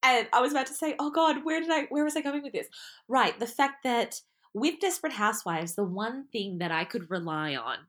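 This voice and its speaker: A woman co-hosting a podcast, chatting casually and bluntly, quick to jump to over-the-top jokes. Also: on the high side, expressive, a bit bright. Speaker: podcast co-host. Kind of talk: casual chat.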